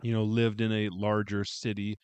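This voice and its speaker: A man with a fairly low voice talks through a casual book review in a heartfelt, rambling way, full of fillers and false starts. The sound is close and dry, with no room echo. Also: flat delivery, normal speed, darkish tone, clear, resonant tone.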